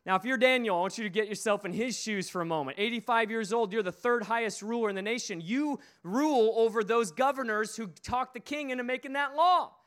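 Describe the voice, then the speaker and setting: A man's voice: very high-pitched, a little fast, hardly any pauses, fairly bright tone, clean tone. A man preaching a sermon, retelling a story emphatically with repeated phrases.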